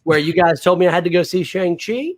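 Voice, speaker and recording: A man's voice: sits high, fairly quick. A man hosting a casual live toy unboxing stream, enthusiastic and laid-back.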